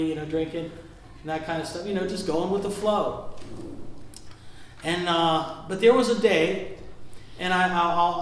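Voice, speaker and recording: A pastor preaches a sermon, telling a personal story conversationally and putting questions to the congregation. His voice is high, with slight background noise. He is heard from far off in a very echoey hall.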